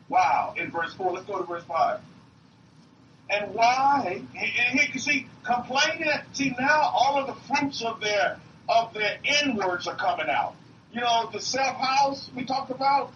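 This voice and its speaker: A man preaching a sermon to a room, emphatic and repetitive, swinging up and down in pitch. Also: bright, forceful tone. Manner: emphatic, repeats himself, rises and drops in pitch. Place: meeting room. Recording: roomy, distant, dull lo-fi recording with faint hiss.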